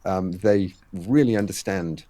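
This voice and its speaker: A man with a lowish, mellow voice talks through details at length in a relaxed interview. He leans on fillers and acts out little quoted exchanges. His voice sits close and dry, with little room sound. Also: a little slow, dry recording. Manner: explains at length with many fillers and acted-out quotes. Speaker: guest, head of a fitness race series. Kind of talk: conversational podcast interview.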